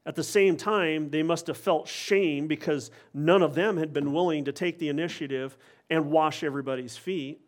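Earnest male preacher, fairly high voice. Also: normal speed. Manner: earnest, expository, with occasional wry asides. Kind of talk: sermon.

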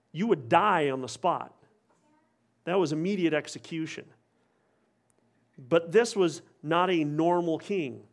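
A man preaching a sermon, explaining a passage in an earnest, expository way, with occasional wry asides. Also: on the high side.

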